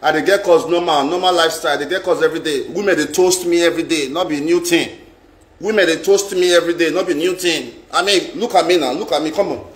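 A man's voice: a little high, fast, roomy sound. A middle-aged Nigerian man telling a story on a live stream, dramatic and chatty, slipping into pidgin and repeating himself.

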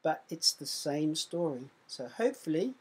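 A primary school teacher giving slow, careful instructions in a recorded online lesson. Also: medium pitch, big pitch swings, slightly rough.

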